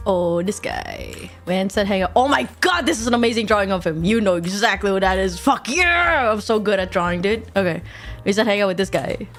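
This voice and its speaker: A young woman streaming casually while drawing, excitable and quick to laugh, swearing often. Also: medium pitch, faint music behind.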